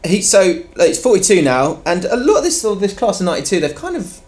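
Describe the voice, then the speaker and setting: A fairly high-voiced man hosting a football podcast in relaxed chat. He rambles, restarts and trails off mid-thought. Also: fairly quick. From London. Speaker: podcast host.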